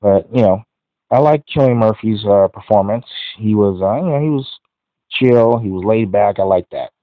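Low-voiced man rambling through a movie review. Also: normal speed, dry recording. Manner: rambling, heavy use of "you know". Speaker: podcast host. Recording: dry, phone-like audio.

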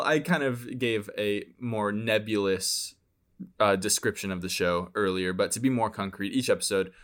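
A man co-hosting a casual podcast, laughing easily and pausing on ums and restarts. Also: fairly low pitch, fairly bright tone. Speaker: podcast co-host.

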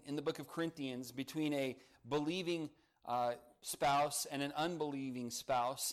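Earnest man preaching a sermon. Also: mid-range voice. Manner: earnest, emphatic preaching with rising stresses. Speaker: pastor.

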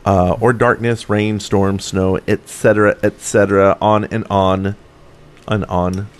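A man co-hosting a casual gaming podcast, talking quickly with joking asides and stammering restarts. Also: on the low side, little pitch movement, clean tone. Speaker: podcast co-host.

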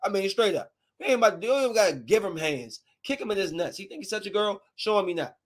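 A woman's voice: mid-range voice, expressive, fast. A woman in her thirties tells a heated personal story straight to her viewers. Her delivery is a fiery, slang-filled rant, emphatic and blunt from start to finish. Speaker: parent telling a story.

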